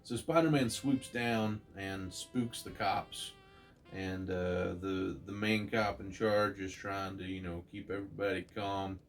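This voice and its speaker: A man's voice: low-pitched, fairly even intonation, measured pace, soft background music. A man hosting his channel, casually retelling a comic story in a chatty way with many fillers. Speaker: comic book channel host.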